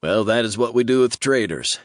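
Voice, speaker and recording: A man's voice: lowish voice, animated, fairly quick, dry recording, clean studio sound, voice pushed up, lightly acted. A man doing a cocky Southern captain. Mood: taunting. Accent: American Southern. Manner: cocksure, drawling. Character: cocky male soldier captain with southern drawl.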